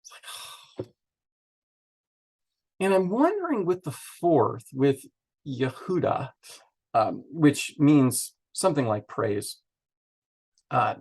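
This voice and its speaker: A man's voice: medium pitch, big pitch swings, very slow, long pauses, a little mellow, breathy edge. A man leading a Bible study, chatting through the text in a loose, thinking-aloud way with many fillers. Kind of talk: casual Bible teaching.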